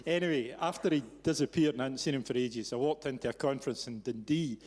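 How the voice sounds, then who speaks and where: A man hosting a live event, telling a story to an audience in a teasing, animated way. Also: medium pitch, fast talker, a little hiss or hum. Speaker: event host. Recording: reverberant hall.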